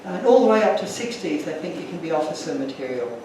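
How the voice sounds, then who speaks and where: Man giving a talk, earnest and emotional, high-pitched, recorded from afar in a reverberant room. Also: sing-song, quick pace, a little mellow, slight background noise. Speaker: speaker. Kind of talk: illustrated talk to an audience. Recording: echoey room from far off.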